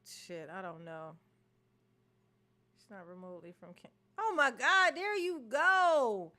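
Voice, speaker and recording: A woman's voice: fairly high pitch, big pitch swings, takes it slowly, sharp tone, slight background noise. A woman from Maryland hosting a reaction video, ranting animatedly with swearing and laughter. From Maryland, USA. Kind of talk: casual reaction commentary.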